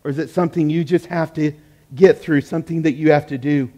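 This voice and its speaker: A man's voice: on the high side, steady tone, fast talker, warm tone. A man in his thirties, a pastor, preaching a sermon in a conversational, storytelling way to his congregation in a church.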